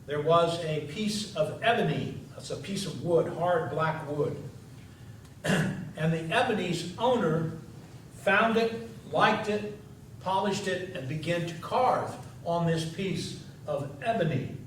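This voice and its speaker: Pastor with a fairly high voice, storytelling sermon, dramatic pauses, recorded from far back in a very echoey sanctuary. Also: male voice, slight background noise. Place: church sanctuary. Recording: echoey church from a distance.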